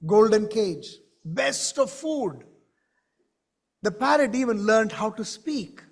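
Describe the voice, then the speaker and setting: A man telling a story to a conference audience in an animated way, with questions to the crowd. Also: high-pitched. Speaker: keynote speaker. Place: conference stage.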